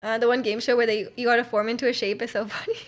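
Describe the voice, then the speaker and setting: A woman's voice: a little high, flat delivery, very fast. A young woman from Canada, streaming and chatting casually while reading viewer messages, rambling with lots of fillers and giggly asides.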